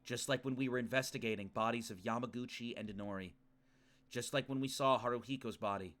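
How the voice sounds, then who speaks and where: A man voicing a grim, grieving teenage boy hero, reading game dialogue aloud in a quiet, solemn way. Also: mid-range voice, fast, natural voice.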